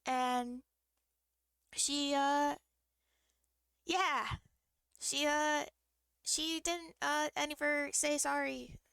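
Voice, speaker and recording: Gravelly-voiced woman streamer rambling through a story. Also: sits high, flat delivery, extremely slow, long pauses, a bit bright, dry recording, studio quality. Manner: rambling, full of fillers and restarts; emotional, vivid retelling. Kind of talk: casual storytelling.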